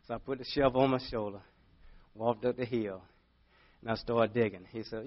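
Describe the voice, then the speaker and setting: A middle-aged male pastor preaching a sermon, telling a story with big swings from loud to hushed. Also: medium pitch, steady tone, normal speed, pauses often, lo-fi sound.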